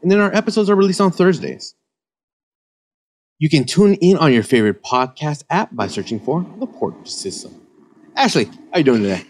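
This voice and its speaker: A man's voice: on the high side, sing-song, normal speed. A man co-hosting a live photography podcast, talking in a jokey, friendly way. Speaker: podcast co-host. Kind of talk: casual live audio chat.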